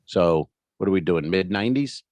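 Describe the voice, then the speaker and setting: Male comedy podcast co-host, low voice, very lively delivery, dry close sound. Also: moderate pace, dry recording. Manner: animated storyteller, acts out quotes. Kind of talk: casual comedy podcast chat.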